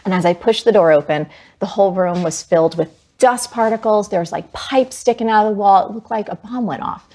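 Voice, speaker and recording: A woman in her forties from New Jersey, telling a personal story as an interview guest, animated and vivid with many "like"s. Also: mid-range voice, fairly quick.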